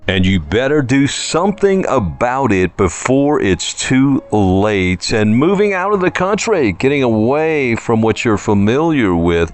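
A man's voice: mid-range voice, sing-song, measured pace, hardly any pauses, faint music behind. A man with a New Orleans accent preaching a sermon, emphatic and full of pointed rhetorical questions.

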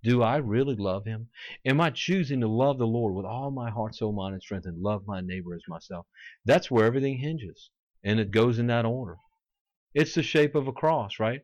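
A man's voice: mid-range voice, moderate pace, darkish tone, dry recording, dull audio. A man preaching a fervent sermon, quoting scripture and acting out mocking voices.

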